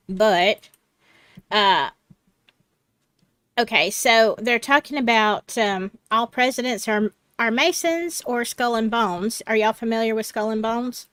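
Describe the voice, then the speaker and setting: A woman hosting a casual panel chat, slow and chatty, laughing easily. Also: on the high side, pushed and bright, no echo. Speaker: host.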